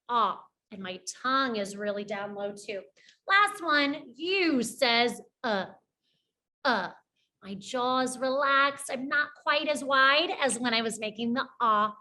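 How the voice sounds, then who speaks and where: A woman teaching young children a phonics lesson, slowly sounding out letters and praising often. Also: high voice, sharp tone.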